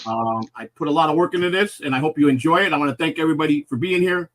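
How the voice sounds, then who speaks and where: A man's voice: fairly high pitch, rapid-fire. A man hosting a live comedy talk show, talking casually with lots of fillers and restarts. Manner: rambling, filler-heavy. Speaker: host.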